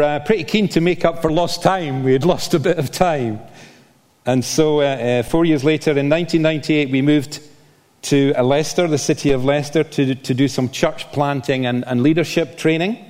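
An older man from Scotland with a softened Scottish accent, preaching a sermon as a visiting speaker, with frequent "uh" fillers and a self-deprecating manner. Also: medium pitch. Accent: Scottish, softened by years in England. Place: church. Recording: long reverb of a church hall.

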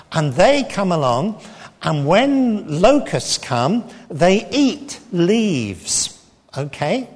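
Slow, high-voiced English preacher in a hall. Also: male voice. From England. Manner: slow, emphatic, addresses children directly. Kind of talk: sermon with slides. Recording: long hall reverb.

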